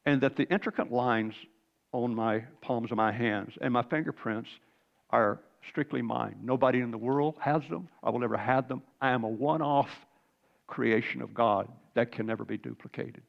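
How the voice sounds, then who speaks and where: Man in his 60s, gravelly, delivering a fervent faith testimony on a dull, lo-fi recording. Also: mid-range voice, normal speed. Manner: earnest, fervent storytelling with throat-clearing and repeated words. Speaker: Christian speaker sharing a testimony. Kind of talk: emotional spiritual testimony.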